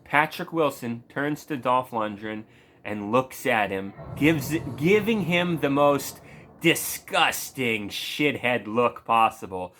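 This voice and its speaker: Male game streamer, rambling profane chatter, average pitch. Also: big pitch swings, a little slow, fairly bright tone. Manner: profane, rambling, laughs at his own jokes. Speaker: gameplay streamer. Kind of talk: casual commentary over gameplay.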